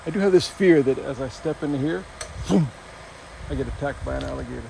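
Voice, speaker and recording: A man's voice: mid-range voice, fast talker, creaky, dark tone, a little hiss or hum. A man in a casual outdoor travel vlog, talking in a chatty, wry and self-mocking way. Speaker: travel vlogger. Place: outdoors by a swamp.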